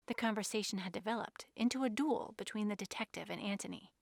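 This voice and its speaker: A woman reading a novel aloud, with measured storytelling narration. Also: mid-range voice, vocal fry, dry recording, clean studio sound. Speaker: reader.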